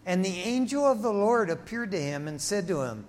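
Male preacher, slightly high voice, animated sermon delivery, acts out characters, long echo of a church hall. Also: moderate pace, a little hiss or hum. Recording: long reverb of a large hall.

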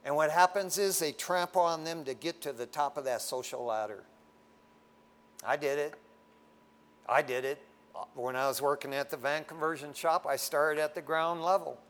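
A man's voice: fairly high pitch, fairly even intonation, brisk, few pauses, fairly bright tone. A man preaching a casual sermon to a congregation, frank and folksy, often tagging his lines with "man.". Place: standing before a congregation.

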